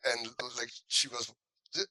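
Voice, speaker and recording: Older man telling animated acting stories. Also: medium pitch, moderate pace, dry recording, poor audio. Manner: animated anecdote teller, acts out quoted lines. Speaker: actor guest. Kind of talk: casual interview storytelling.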